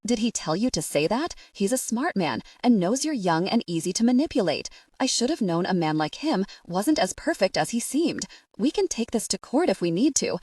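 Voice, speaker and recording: A woman's voice: mid-range voice, sing-song, normal speed, hardly any pauses, a little mellow, no room sound, distant mic. A woman voicing a distraught, furious middle-aged mother who scolds through tears, pushy and harsh.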